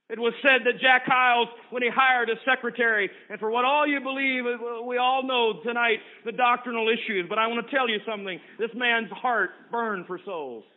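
Man, preacher, dramatic sermon storytelling, loud then whispery-low, tinny lo-fi sound. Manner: swings from loud emphatic declarations to hushed low tones. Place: camp meeting.

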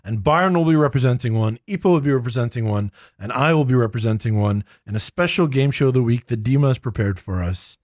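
Lively laughing male podcast host. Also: mid-range voice, fast talker, few pauses, dry recording, clean studio sound. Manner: animated, laughs often. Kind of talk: casual podcast chat. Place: makeshift home studio.

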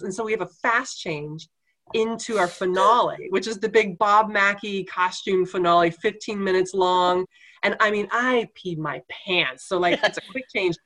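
A woman's voice: mid-range voice, unhurried, a bit bright. A woman guest telling a funny story in casual conversation, laughing often as she talks.

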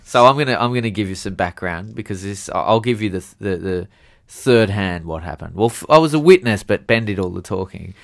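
Aussie dude cohost, fairly low voice, deadpan dad jokes. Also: male voice, brisk, vocal fry. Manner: dry jokey banter. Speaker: podcast co-host. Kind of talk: casual chat.

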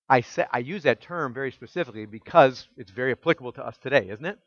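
A man preaching a sermon as pastor, emphatic and full of rhetorical questions, dropping soft and low when quoting scripture. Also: fast, hardly any pauses, no room sound, dull audio.

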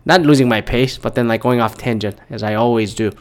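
A man's voice: mid-range voice, brisk. A man talking alone in a casual monologue, rambling off on tangents and swearing freely as he rants. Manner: rambling, profane, goes off on tangents.

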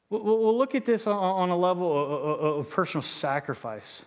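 A man's voice: sits high, very animated, a little fast, hardly any pauses. A male pastor preaching a sermon with passion, often stumbling over his words and restarting phrases. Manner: impassioned preaching, frequent stammered restarts.

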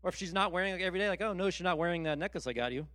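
A middle-aged man delivers a sermon in a high, light voice. He talks with animated emphasis, stacking repeated words and restarts as he presses each point. The sound is dry and close, with little room around it. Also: racing, no echo. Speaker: pastor.

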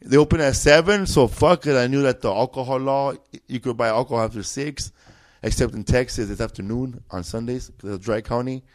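A man's voice: medium pitch, fairly quick. A man, a comedian guest, telling a rambling, profane story with bursts of laughter in a casual chat.

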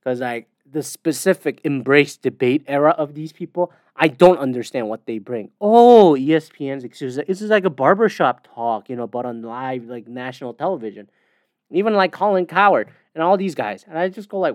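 A man's voice: fairly high pitch, very animated, moderate pace, dry recording, studio quality. A man from the United States hosting a podcast alone, ranting in a heated, profane, rambling way. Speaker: podcast host. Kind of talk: casual solo rant.

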